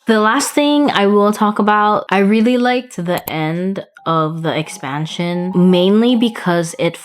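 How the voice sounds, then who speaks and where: A young woman casually reviewing a video game, animated and swearing, acting out characters in high, squeaky voices. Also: unhurried, few pauses, smooth. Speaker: gaming video creator.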